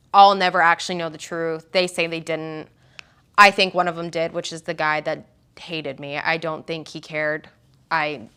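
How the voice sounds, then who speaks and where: Young woman telling her story, lots of "like", low-ish voice but bright and smooth. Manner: rambling, heavy use of "like" and quoted dialogue. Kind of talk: casual storytelling interview.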